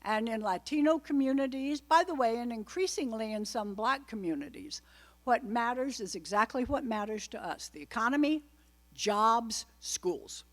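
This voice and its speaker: Woman guest speaker with a raised pitch, addressing a club audience loosely and wryly, with many digressions. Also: expressive, normal speed. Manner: chatty, wry asides, frequent digressions. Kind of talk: informal political talk to a live audience.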